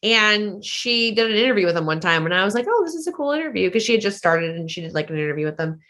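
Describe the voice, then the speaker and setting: A woman broadcaster chats easily as a podcast guest, with a bright, forward tone. She rambles a little and leans on "like" as she talks. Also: on the low side, quick pace. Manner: chatty, lots of "like" fillers. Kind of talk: casual podcast interview.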